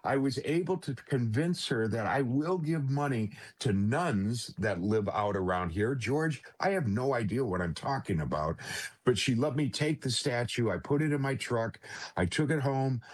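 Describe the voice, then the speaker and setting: A man, a guest on an interview show, telling a personal faith story earnestly, with halting restarts and repeated direct address to the host. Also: medium pitch. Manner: halting restarts at emotional moments.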